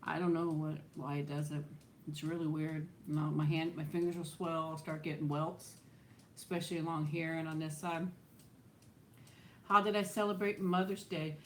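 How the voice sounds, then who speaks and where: A woman's voice: deep voice, flat delivery, normal speed, slight background noise. Rambling middle-aged woman, live-stream chat. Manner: rambling, answers viewer questions, laughs often.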